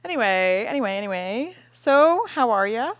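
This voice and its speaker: A woman's voice: on the high side, normal speed, no room sound, clean studio sound. Chatty young woman podcast co-host. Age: late 20s. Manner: chatty, laughs often, animated retelling. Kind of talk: casual chat. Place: home. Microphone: podcast microphone with cover.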